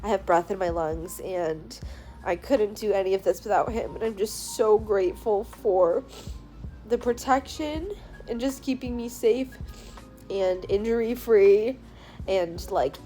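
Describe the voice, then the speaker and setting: A young woman talks into her phone from a hotel bed, worn out but gushing, her sentences padded with "like" and quick asides. Her voice sits at an ordinary middle pitch for a woman, and a little music runs faintly underneath. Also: dark tone. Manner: chatty, gushing, lots of "like" fillers. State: tired. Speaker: powerlifter vlogger. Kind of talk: casual vlog recap.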